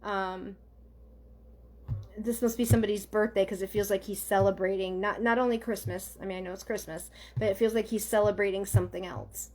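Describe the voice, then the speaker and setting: Woman, psychic medium, live online reading, gentle, halting, mid-range voice. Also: medium pitch, steady tone. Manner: halting, gentle, addresses viewers directly with many ums and okays.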